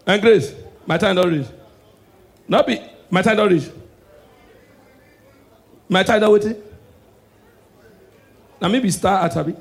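A man with a Nigerian accent performing stand-up comedy. He mixes Pidgin and English and swings between murmured asides and shouted punchlines. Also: high voice, unhurried, gravelly, long pauses.

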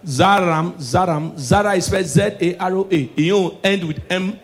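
Nigerian guy doing standup, high voice, gets loud and excitable on the punchlines. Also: fairly quick. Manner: excitable, shouts punchlines, switches to Pidgin. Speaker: stand-up comedian. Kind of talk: live stand-up comedy.

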